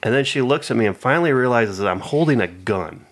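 A man's voice: mid-range voice, animated, fast. A man telling a long rambling story in casual chat with a friend. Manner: rambling anecdotal, acts out quoted voices.

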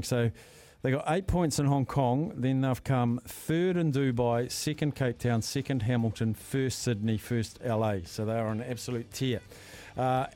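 A man from New Zealand hosting a sports radio show, calling scores and chatting with excitable energy. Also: mid-range voice.

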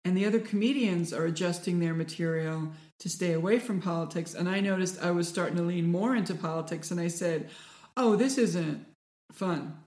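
A woman's voice: lowish voice, fairly quick, few pauses. A woman, a former stand-up comedian, chatting casually and laughing often as she tells stories. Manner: laughs often, animated storytelling. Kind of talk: casual chat. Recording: echoey room.

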